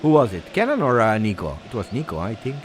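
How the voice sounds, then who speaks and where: A man hosting a live football watch-along, excitable and anxious, chanting repeated words and breaking into shouts. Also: fairly low pitch, fast talker, background noise. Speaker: football fan channel host.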